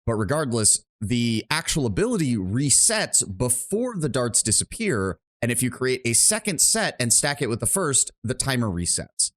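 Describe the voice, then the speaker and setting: A man's voice: mid-range voice, big pitch swings, normal speed, hardly any pauses, fairly bright tone. A man streaming a game, talking through it in a rambling, profane, self-mocking way. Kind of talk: live game commentary.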